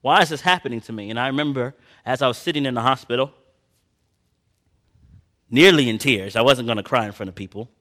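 A man preaching a sermon, moving between quiet personal storytelling and loud impassioned passages, reading scripture in old-fashioned phrasing. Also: medium pitch, brisk, pauses often.

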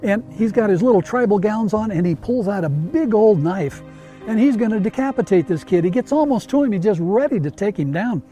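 A man hosting a talk show, telling a story in casual chat with animated, emphatic repetition that builds suspense. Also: high-pitched, brisk, faint music behind. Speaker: radio show host.

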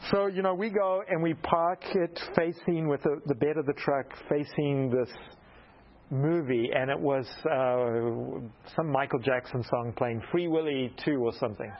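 A man preaching a storytelling sermon, animated and self-mocking, acting out the dialogue in his story. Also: fairly high pitch, unhurried, muffled recording, slight background noise.

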